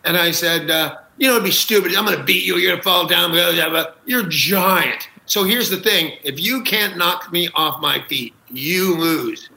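A man's voice: high voice, moderate pace, vocal fry, hardly any pauses, sharp tone, echoey room, poor audio. A man, a talk show guest, telling comic anecdotes with gusto, acting out quotes and laughing at his own jokes. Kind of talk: animated comic storytelling.

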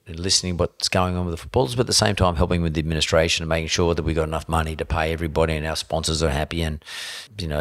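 A middle-aged Australian man, a podcast guest, telling blunt, swear-laden anecdotes in casual chat. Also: sits low.

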